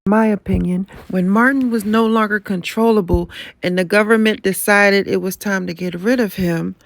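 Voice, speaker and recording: A speaker giving opinionated commentary in a slow, deliberate way. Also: mid-range voice, fairly even intonation, creaky, dry recording. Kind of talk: casual commentary.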